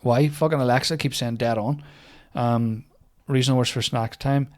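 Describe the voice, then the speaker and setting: A young man hosts a comedy podcast in a loose, rambling monologue, swearing freely and mocking whatever he reads aloud. His voice sits at an ordinary middle pitch, steady and a little mellow, at a normal speed.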